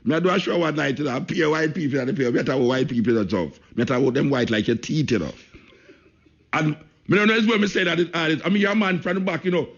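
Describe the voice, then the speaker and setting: A man's voice: fairly high pitch, fast, slightly rough. Jamaican radio host guy, emphatic, repeats himself a lot, kinda dull lo-fi broadcast sound. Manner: emphatic, repeats phrases for stress, speaks patois. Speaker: radio talk show host. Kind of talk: opinionated radio talk. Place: radio studio.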